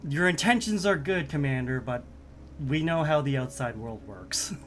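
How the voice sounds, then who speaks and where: Over soft background music, a man streams a game, chatting casually, joking, laughing often and reading the story text aloud. His voice is medium in pitch, lively in intonation and fairly bright, at normal speed.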